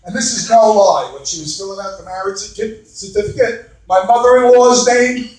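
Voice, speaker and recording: A man over fifty doing a stand-up comedy set in a club, brash and crude, shouting his punchlines. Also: sits high, moderate pace, recorded from a distance. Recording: echoey club recorded from afar.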